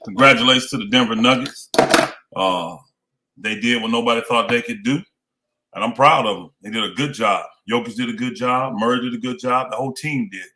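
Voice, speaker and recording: A man's voice: medium pitch, fairly quick, bright, forceful tone, slight background noise. A man co-hosting a live sports talk stream, talking casually and emphatically, pressing viewers to like the stream. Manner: emphatic, urges viewers to hit like. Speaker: co-host.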